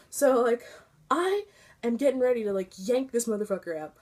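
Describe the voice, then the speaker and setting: Swearing freely, a young woman vlogs a casual, animated story at a normal speed. Excitement pushes her voice up high.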